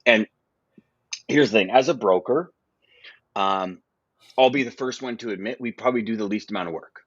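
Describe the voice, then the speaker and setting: Animated man telling stories. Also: mid-range voice, moderate pace, slightly rough, no echo, muffled recording. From Canada. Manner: animated storyteller, frequent restarts. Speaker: guest, freight broker. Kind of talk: casual podcast conversation.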